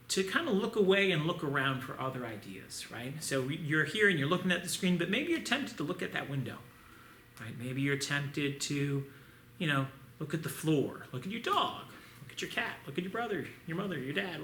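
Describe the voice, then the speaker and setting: A martial arts instructor teaching an online class for children, calling out each move and cheering the students on. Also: male voice, fairly high pitch, sharp tone, slight background noise. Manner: upbeat, coaching, calls out moves. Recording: echoey room, distant mic.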